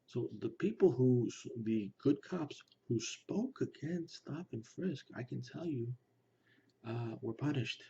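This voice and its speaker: A man speaking earnestly to his listeners, pressing his points and sometimes dropping to a hushed near-whisper. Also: medium pitch, lively intonation, unhurried, creaky. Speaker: Lukumi practitioner speaking to his channel. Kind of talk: personal commentary to camera. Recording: slightly dull recording with faint background noise.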